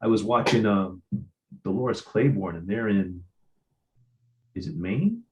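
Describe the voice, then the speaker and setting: Midwestern male host, slightly low pitch, casual storyteller who repeats himself. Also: unhurried. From Ohio. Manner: chatty storyteller, stammers and repeats. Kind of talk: casual interview chat.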